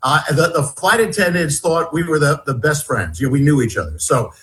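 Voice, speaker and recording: Halting, restless male storyteller. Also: on the high side, lively intonation, fairly bright tone, poor audio. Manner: halting, restarts and repeats words often. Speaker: guest author. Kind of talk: storytelling in a conversational interview.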